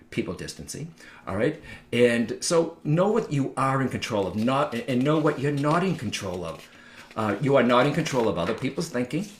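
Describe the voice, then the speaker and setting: Guy chatting to his viewers, keeps saying all right?, echoey room. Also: mid-range voice. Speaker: psychic medium giving advice. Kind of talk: casual direct-to-camera talk.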